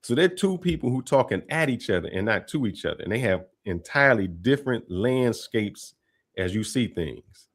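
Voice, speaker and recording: Chill guy, kinda low voice, talking over a clip on his show. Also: moderate pace. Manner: relaxed, conversational, laughs often. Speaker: host. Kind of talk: casual commentary.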